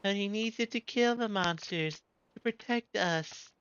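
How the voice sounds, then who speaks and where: A man playing a naive young girl, pitched way up, earnest. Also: unhurried, fairly bright tone, clear, resonant tone, no room sound. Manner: pleading, earnest. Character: naive young girl who idolizes a hero. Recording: muffled with faint game music.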